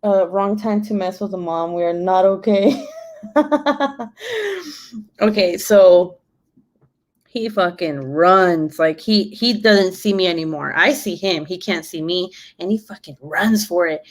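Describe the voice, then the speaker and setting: Woman, young adult, casual live-stream storyteller, blunt and profane, laughs a lot, slightly low voice. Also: unhurried. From Mexican heritage. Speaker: vlogger.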